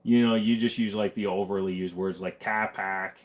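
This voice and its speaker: A man's voice: fairly low pitch, steady tone, normal speed. A man hosting a casual livestream chat, rambling in a laid-back way with lots of fillers. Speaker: host.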